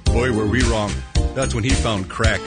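A man's voice: fairly low pitch, normal speed, lightly acted. A man voicing a jokey commercial announcer who talks in a folksy way. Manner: folksy, tags lines with "eh". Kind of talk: jokey ad voice-over. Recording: loud backing music.

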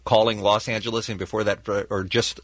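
A man hosting a radio show, bantering in an animated, joking and rambling way. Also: on the low side, fairly quick, no room sound.

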